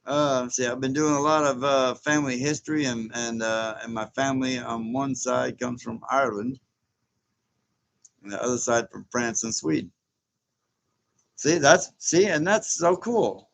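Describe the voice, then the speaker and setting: A man's voice: medium pitch, unhurried, gravelly. Chatty man in his sixties. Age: 60s. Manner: chatty and rambling, chuckles often. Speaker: livestream host reading viewer chat. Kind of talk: casual live chat.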